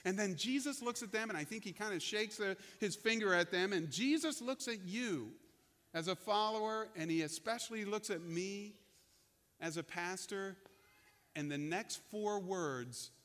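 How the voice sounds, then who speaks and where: A male pastor preaching a sermon, telling the story with lively energy and acting out the people he quotes. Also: high-pitched, long reverb tail. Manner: animated storytelling, acts out quotes.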